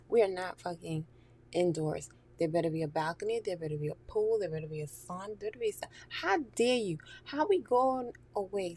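A woman's voice: medium pitch, darkish tone, breathy edge. A woman talking candidly and profanely in a casual chat, laughing often and dropping into whispery asides.

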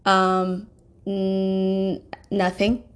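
A woman recounts a personal story in loose, casual talk. She rambles with frequent fillers and restarts. Her tone is emphatic and indignant, and her pitch sits in an ordinary middle range. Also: completely flat delivery, drawn-out words.

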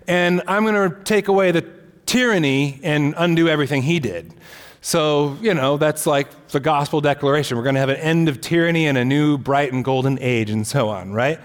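Earnest man preaching in a hall. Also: a little high. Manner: earnest teaching, reads scripture aloud. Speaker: pastor. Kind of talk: sermon.

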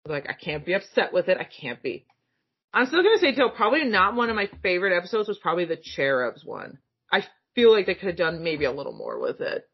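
A woman chatting casually and excitedly about a cartoon series, laughing often and swearing freely. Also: lowish voice, quick pace, slightly rough. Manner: giggly, animated, swearing freely. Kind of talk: casual fan chat. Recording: dull lo-fi sound.

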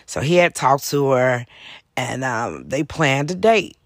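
A host spinning a casual, profane story and acting out each quote. The voice is gravelly with fry. It sits close in a dry, dead room. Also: medium pitch, takes it slowly, dry recording. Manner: profane, animated, lots of acted quotes. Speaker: podcast host and author.

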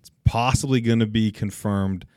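A young man with a lowish voice co-hosts a casual soccer podcast, blunt and opinionated, happily trash-talking teams he dislikes. The sound is dry and close, with no room around it. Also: steady tone, moderate pace, a little mellow, dry recording. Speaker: podcast co-host. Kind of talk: casual sports chat.

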